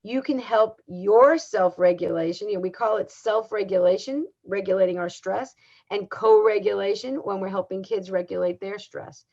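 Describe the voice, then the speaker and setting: An older woman giving a recorded talk as a parenting educator, speaking in a calm, measured and instructive way. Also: mid-range voice. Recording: dull lo-fi sound.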